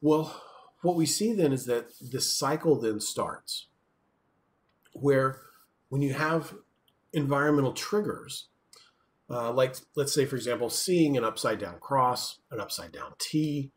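A man lecturing to a class in an easygoing, conversational way. His voice sits at a middle pitch, and he keeps checking in with his listeners. He slips into little acted-out voices to illustrate his points. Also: a little slow. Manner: conversational, frequent "right?" checks, acts out quoted voices. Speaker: professor. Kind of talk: recorded university lecture.

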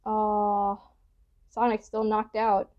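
A woman hosting a reaction video, talking casually with excited gushing outbursts and rambling, apologetic asides. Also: mid-range voice, takes it slowly, lo-fi sound.

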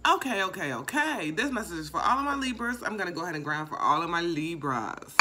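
A woman's voice: lowish voice, sing-song, fast, few pauses, heavy background noise. A young woman giving a casual tarot reading, emphatic and swearing freely, often repeating herself. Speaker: tarot reader.

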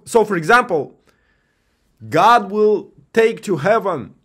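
Earnest high-voiced man rambling about faith. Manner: earnest, rambling preaching with many restarts. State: tearful at times. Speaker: host. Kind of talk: casual monologue.

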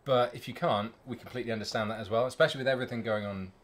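A man's voice: medium pitch, racing, fairly bright tone. A man with a British accent, a band member chatting casually and thanking viewers on a live stream. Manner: chatty, thankful, laughs often. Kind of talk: casual chat.

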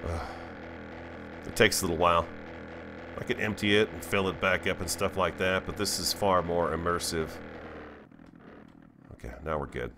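A man's voice: low-pitched, normal speed, pauses often, noisy background. A man hosting a gaming video, chatting to his viewers as he plays. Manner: chatty, talks to viewers while playing. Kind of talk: let's play commentary.

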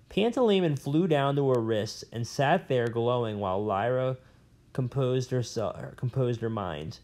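Man, reading a novel aloud, mid pitch, plain delivery, occasional slips. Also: lively intonation, a little slow, darkish tone. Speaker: reader.

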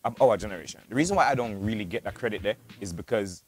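A man's voice: fairly low pitch, animated, slight background noise. A Jamaican man, a music artist, chatting casually in an interview with many restarts and fillers. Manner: fast, loose talk with many restarts.

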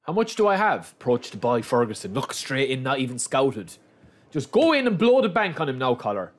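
Excitable young man, lively pitch. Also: brisk. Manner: excitable, chatty, keeps calling viewers lads. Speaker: gaming YouTuber. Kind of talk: casual gameplay commentary.

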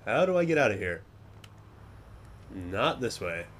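A young man giving casual gameplay commentary, swearing often and muttering to himself, then yelling at other players. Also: lowish voice, sing-song, unhurried, a little hiss or hum.

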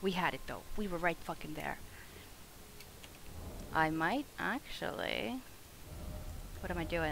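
A woman with a lowish voice gives live play-by-play of her game, cursing often. Her pitch rises and falls a great deal as she goes from loud frustration to quiet muttering. Faint noise sits under her voice. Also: lively intonation, a little slow, gravelly, long pauses. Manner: swears a lot and talks to the game; swings between loud outbursts and quiet mutters. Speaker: streamer. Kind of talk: live gameplay commentary.

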